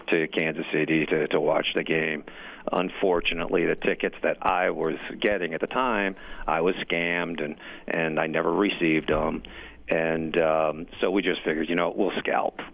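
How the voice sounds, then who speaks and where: A middle-aged man calling in on a crackly, tinny phone line, his low voice gravelly with fry. He rambles through a long story with repeated words and gets emotional along the way. He is from New Jersey. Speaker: caller.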